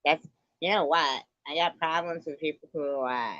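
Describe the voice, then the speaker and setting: Woman stream host, unhurried, salty and laughing; dry close sound, muffled lo-fi stream quality. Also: deep voice, fairly bright tone, no room sound. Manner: blunt, profane, laughs often. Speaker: livestream host. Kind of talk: casual live-stream chat. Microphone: computer mic on live stream. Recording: dull lo-fi stream audio.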